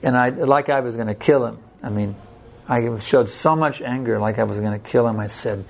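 Gravelly-voiced man teaching a scripture class. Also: mid-range voice. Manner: unhurried, plain-spoken, tells personal stories. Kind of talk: devotional scripture class talk.

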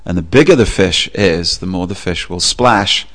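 A man preaching a sermon, telling a story with a relaxed, anecdotal manner and frequent pauses. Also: sits low. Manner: anecdotal, with fillers. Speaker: religious preacher.

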